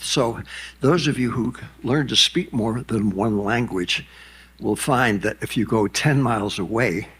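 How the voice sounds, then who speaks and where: A man's voice: on the low side, a bit bright, breathy edge. A man in his nineties giving a rambling, anecdotal keynote speech on a conference stage. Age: 90s. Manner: rambling, anecdotal, with asides and restarts. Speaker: keynote speaker.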